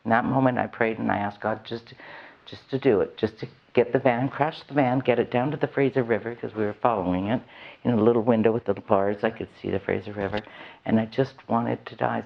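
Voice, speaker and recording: A woman's voice: very deep voice, fairly even intonation, brisk, vocal fry, dull audio. A woman frankly telling her recovery story to a live audience, with a wry, self-mocking humor. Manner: candid, wry, laughs often at herself. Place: event hall with an audience.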